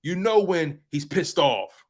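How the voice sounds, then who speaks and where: A man's voice: fairly high pitch, very animated, takes it slowly. A man hosting a fan sports talk show, speaking passionately and emphatically and repeating phrases for effect. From US East Coast.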